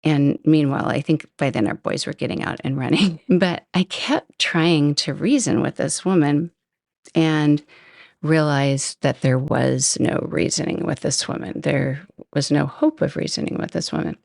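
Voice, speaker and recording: A woman's voice: sits low, measured pace, gravelly, darkish tone, dry recording, studio quality. A woman hosting a podcast, telling a personal story in a chatty, self-deprecating way. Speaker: podcast host. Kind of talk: storytelling monologue.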